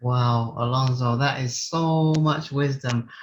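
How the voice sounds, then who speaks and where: A man's voice: mid-range voice, fairly even intonation, slow pace, lo-fi sound. A man hosting an interview, thanking his guest effusively and wrapping up the show. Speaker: host. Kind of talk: interview wrap-up.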